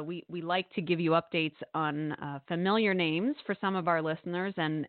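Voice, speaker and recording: A woman's voice: on the low side, no room sound. A woman co-hosting a sports radio podcast, talking in a chatty, amused way with many fillers. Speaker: podcast co-host. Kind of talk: casual sports radio commentary. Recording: tinny phone-like line, dry.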